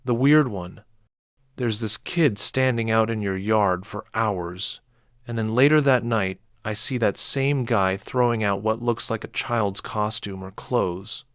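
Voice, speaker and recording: Man reading as a blunt neighbor guy, nosy, complaining, low voice, dry sound. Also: unhurried, fairly bright tone, no echo. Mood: uneasy.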